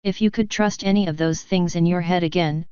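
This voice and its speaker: A woman's voice: lowish voice, steady tone, fairly quick, mellow, clear, resonant tone, no echo, dull audio, close to an everyday voice. A woman voicing a grumpy, proud male fire elemental who talks in a huffy, growling way. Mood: gruff.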